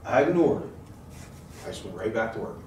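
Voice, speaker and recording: Brisk, very animated, and a little mellow, a low-voiced pastor jokes and tells stories during a casual sermon, drawing responses from his congregation. The church sanctuary recording is distant, roomy, and noisy.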